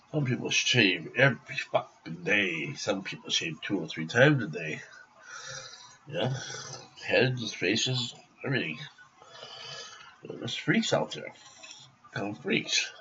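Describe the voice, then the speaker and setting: A man's voice: on the low side, expressive, measured pace, pauses often, bright, forceful tone, a little hiss or hum. A man vlogging from home by his computer, rambling, repeating himself and swearing freely, in a dull lo-fi recording. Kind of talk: rambling casual vlog.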